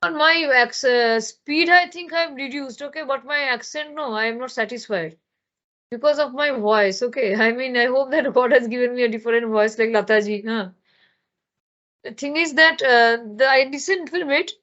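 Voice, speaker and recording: A woman's voice: high voice, moderate pace, fairly bright tone, highs cut off. A woman from Bengal, teaching an online grammar lesson and explaining with many fillers and restarts. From Bengal, India. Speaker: spoken English teacher. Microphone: laptop microphone.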